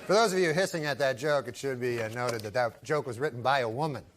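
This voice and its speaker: A male comedian telling stand-up bits and mock news jokes in a deadpan, drawling way with wry asides. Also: medium pitch, fast talker. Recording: old TV audio with audience laughter and hiss.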